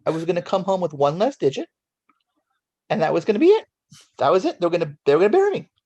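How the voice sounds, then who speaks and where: A man in his forties from Los Angeles, a guest telling a childhood story in an animated way and acting out the voices. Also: high voice, fast, lo-fi sound.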